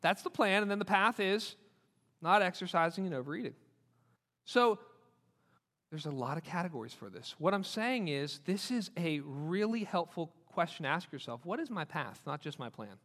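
Bright-voiced pastor preaching in a reverberant hall. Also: male voice, high-pitched, moderate pace. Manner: animated, repeats points for emphasis, acts out quoted people. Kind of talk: sermon. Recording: long reverb of a large hall.

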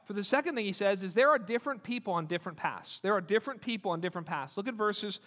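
A bright, high-pitched male pastor delivers a sermon with animated, repeated emphasis. His voice rings through the long reverb of a large hall. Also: fast. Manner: animated, repeats points for emphasis, acts out quoted people.

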